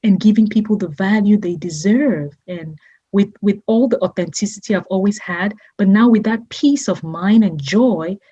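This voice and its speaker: Husky-voiced woman giving effusive thanks. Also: medium pitch, moderate pace, mellow, lo-fi sound. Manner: effusive, repeats imagery, laughs often. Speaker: guest, entrepreneur. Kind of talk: emotional testimonial interview.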